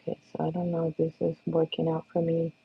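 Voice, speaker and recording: A woman's voice: deep voice, monotone, fast talker, gravelly, husky. A woman face painter chatting casually on a livestream while she paints, encouraging her viewers and talking to her dog. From Florida. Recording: slightly dull lo-fi livestream audio.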